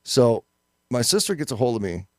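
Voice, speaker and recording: A man's voice: medium pitch, very animated, normal speed, no echo, studio quality. A man co-hosting a live talk show, joking around and telling stories theatrically. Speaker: co-host. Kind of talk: casual live show banter.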